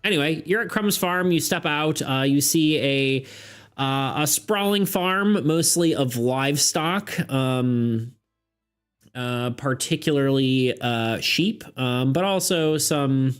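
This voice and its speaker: A man's voice: medium pitch, slow, clean tone, soft background music. A man narrating as game master in a casual, hesitant way, full of ums and little laughs. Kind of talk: narrating a tabletop game on stream.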